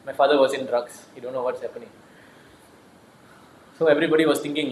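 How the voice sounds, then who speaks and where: A man's voice: mid-range voice, fairly even intonation, fast, darkish tone. A male spiritual teacher lecturing and telling a scripture story, voicing the characters in turn with frequent restarts. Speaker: monk lecturer. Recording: echoey hall with faint hum.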